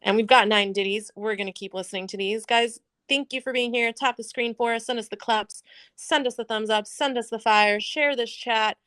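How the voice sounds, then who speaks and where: A woman's voice: fairly high pitch, fairly even intonation, normal speed, a bit bright, no room sound. A woman hosting a casual live audio chat, talking frankly and chattily and laughing easily. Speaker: podcast host.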